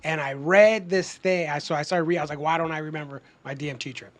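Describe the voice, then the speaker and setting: A man telling a story in a casual podcast chat, animated and swearing freely as he acts out what people said. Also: a little high, fast.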